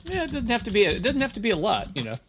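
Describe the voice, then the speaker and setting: A man's voice: high-pitched, huge pitch swings, rapid-fire, slight background noise. Rambling, exasperated man. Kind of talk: casual podcast chat.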